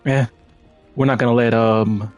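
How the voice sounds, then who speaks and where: A man's voice: mid-range voice, fairly even intonation, measured pace, soft background music. A man with a New York accent giving casual gameplay commentary, rambling and correcting himself with a lot of swearing. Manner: rambling, self-correcting, profane. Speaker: gaming streamer.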